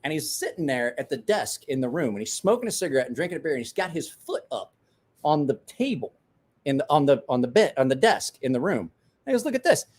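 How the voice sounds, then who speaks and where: Animated man telling a rowdy story. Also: mid-range voice, fast. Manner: animated, swearing, laughing, acts out quoted voices. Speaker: podcast host. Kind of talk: casual storytelling.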